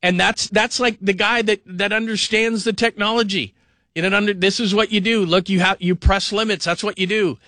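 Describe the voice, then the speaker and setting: A man hosting call-in sports radio, rambling and animated, sometimes mimicking people in funny voices. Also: sits high, moderate pace, no echo, clean studio sound.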